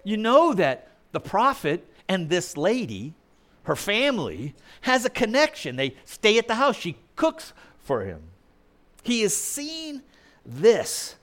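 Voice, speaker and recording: A man's voice: high voice, huge pitch swings, unhurried, a bit bright. A male preacher giving a sermon in a conversational way, putting questions to the congregation.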